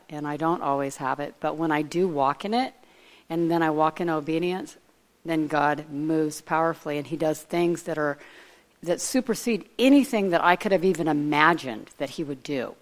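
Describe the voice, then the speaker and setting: A woman's voice: sits low, moderate pace. A woman giving an informal, conversational sermon, digressing and speculating aloud as she retells a Bible story. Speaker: preacher.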